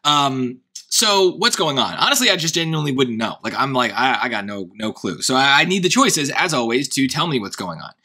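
Bright-voiced man with a Long Island accent. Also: medium pitch, lively intonation, brisk, husky. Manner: hesitant, self-questioning, many restarts. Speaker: SAT tutor. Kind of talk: thinking-aloud test prep lesson.

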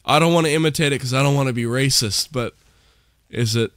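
A young man doing gameplay commentary for a horror game, jumpy and excitable, swearing a lot. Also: medium pitch, a little fast, no echo, studio quality. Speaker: gaming YouTuber.

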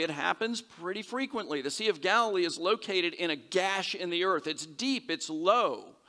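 Animated man preaching in a reverberant church. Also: high voice. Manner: conversational and animated, acts out quoted voices. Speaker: pastor. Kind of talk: sermon. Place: church sanctuary. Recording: long hall reverb.

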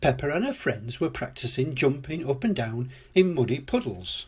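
An older man narrating a children's storybook read-aloud in a gentle, unhurried manner. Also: mid-range voice, big pitch swings, husky.

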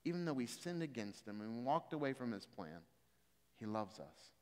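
A man preaching a sermon, moving from calm explanation of scripture to loud, emphatic exhortation. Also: medium pitch, normal speed, smooth. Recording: reverberant hall.

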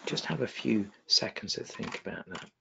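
A man's voice: on the low side, normal speed, vocal fry, background noise. A man teaching an online exam revision webinar, often checking with the class whether things make sense. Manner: animated, questioning the class often. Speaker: exam tutor.

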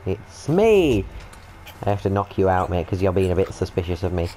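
Excitable British man narrating gameplay. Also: sits low, very fast, slight background noise, poor audio. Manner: excitable, sweary, jokey. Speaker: gaming video host. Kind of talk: let's-play commentary.

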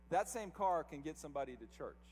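A man preaching a sermon as pastor, animated, acting out quoted voices to tell the story. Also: a little high, in a large hall, a little hiss or hum. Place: church sanctuary.

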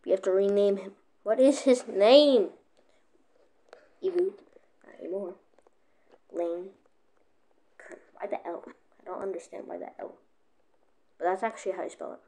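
Give me a woman with an average-pitched voice casually commenting on a strategy game, quick to react and cut herself off. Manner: excitable, keeps cutting herself off with "wait". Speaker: gaming video creator.

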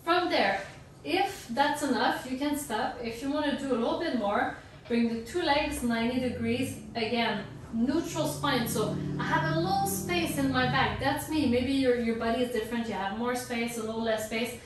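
A young woman teaching an online dance workshop, coaching core exercises in a relaxed, chatty way with little jokes. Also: high-pitched, moderate pace, noisy background. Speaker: dance instructor. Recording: roomy echo, distant from the mic.

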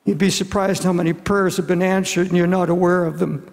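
Older man in his seventies, high-pitched voice, earnest pleading sermon, long reverb of a church hall. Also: little pitch movement, fairly quick, vocal fry, a little mellow. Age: 70s. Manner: earnest, pleading, repeats words. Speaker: pastor.

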